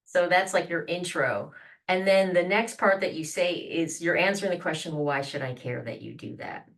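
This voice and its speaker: Low-voiced woman coaching on intros. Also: normal speed, distant mic. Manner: explains with lively acted-out example lines, many restarts. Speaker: branding and communications guest. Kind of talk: conversational podcast interview.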